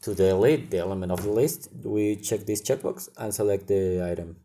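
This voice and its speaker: A man's voice: sits low, normal speed, warm tone, a little hiss or hum. A young man, a student, walks through his class project in an app demo, explaining each step as he thinks aloud.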